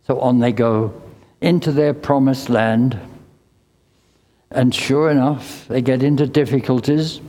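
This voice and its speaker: Older male preacher, slow and mellow, chatty storyteller with dry humor; reverberant hall sound. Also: medium pitch, fairly even intonation. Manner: conversational storytelling with dry asides. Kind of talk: sermon.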